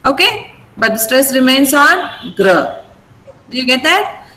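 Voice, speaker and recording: A woman's voice: high-pitched, big pitch swings, slow, pushed and bright, a little hiss or hum, rough recording. Woman teacher spelling out word stress. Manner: patient, spells out word endings letter by letter. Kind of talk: online vocabulary class. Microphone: video call.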